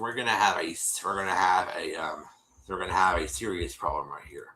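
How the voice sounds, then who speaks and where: Guy retelling a tv episode, bright voice, echoey room, keeps coughing. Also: deep voice, fairly quick. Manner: animated, lots of fillers and repeats, acts out quotes. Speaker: show host recapping a TV episode. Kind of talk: casual chat.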